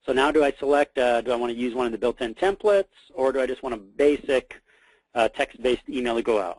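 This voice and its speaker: A man hosting a webinar, talking casually through a software demo, repeating words and calling his listeners guys. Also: mid-range voice, brisk, dry recording, poor audio. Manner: casual, repeats himself, many fillers, addresses listeners as guys. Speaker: webinar host.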